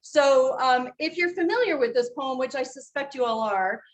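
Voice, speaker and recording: A woman's voice: high-pitched, lively intonation, moderate pace, poor audio. A woman who trains teachers and sings for families, giving an upbeat welcome and urging the audience to join in. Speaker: children's music performer and teacher trainer. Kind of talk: welcoming address to a conference.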